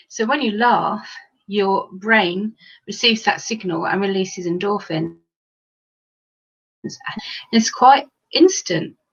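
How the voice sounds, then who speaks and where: A woman, a laughter yoga leader, talks viewers through each exercise. She sounds encouraging and conversational, with the odd um along the way. The sound is a little dull and lo-fi, as if streamed from home. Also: medium pitch. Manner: warm encouraging teacher, chatty with fillers. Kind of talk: guided exercise class instruction. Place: indoors at home, on a video stream.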